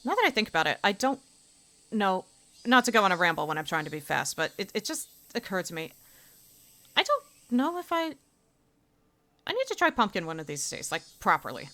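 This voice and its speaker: A woman's voice: mid-range voice, sing-song, fairly quick, pauses often, pushed and bright. A woman streamer making rambling, chatty asides while reading a visual novel aloud.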